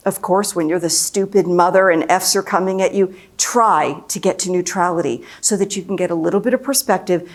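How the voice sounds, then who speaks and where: A woman in her fifties delivers a conference lecture as a mediator. She talks emphatically, hammering on key phrases and repeating them. Her pitch sits in an ordinary middle range. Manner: emphatic and repetitive, acts out quoted speech.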